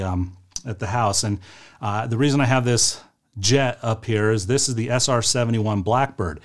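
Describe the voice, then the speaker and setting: A man, a financial advisor, presenting a webinar in a casual, story-driven way, with rhetorical questions and frequent fillers. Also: medium pitch. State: choked up at moments.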